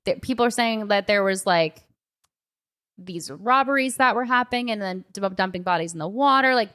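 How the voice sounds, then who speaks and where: A woman's voice: mid-range voice, moderate pace, fairly bright tone. A young adult woman hosting a podcast in casual chat, rambling and filling her talk with "like.". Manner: chatty, rambling, heavy use of filler "like". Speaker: podcast host. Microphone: podcast microphone.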